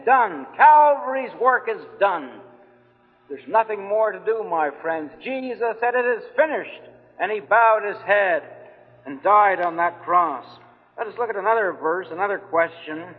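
A man's voice: high-pitched, animated, measured pace, breathy edge. Man preaching hard in a big hall, pleading, repeats stuff, thin phone-like old tape. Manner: fervent, pleading, repeating phrases. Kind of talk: evangelistic sermon. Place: meeting hall.

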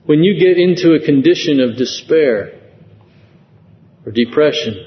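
A man preaching a sermon slowly and earnestly, rising into emotional emphasis at key phrases. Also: fairly high pitch, animated. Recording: dull lo-fi sound with long hall reverb.

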